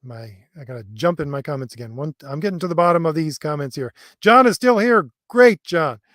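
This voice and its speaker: Talking fast in a fairly high voice, a middle-aged man rambles through viewer comments on his livestream, chuckling and using lots of fillers. It's a dry, studio-quality recording. By his account, people have always heard his voice as an old man's.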